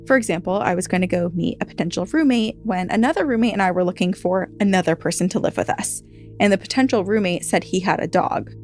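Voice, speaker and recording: A woman reads online stories aloud for a podcast in a relaxed, conversational tone. She slows down and lifts her voice on key lines. Soft music plays faintly behind her. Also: on the low side. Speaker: podcast co-host reading a story aloud. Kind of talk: casual reading of online posts.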